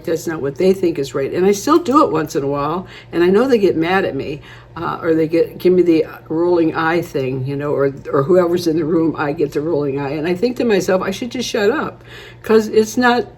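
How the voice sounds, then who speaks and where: A woman's voice: fairly low pitch, a little mellow, slightly rough. A woman in her eighties chatting casually to camera, rambling through stories and laughing often. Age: 80s. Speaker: beauty vlogger.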